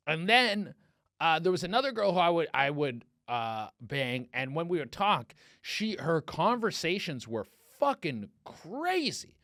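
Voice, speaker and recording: A man's voice: a little high, a bit bright, no room sound, studio quality. A man hosting a casual comedic podcast, telling rambling dating stories full of swearing and fillers, and acting out the people he quotes. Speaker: podcast host.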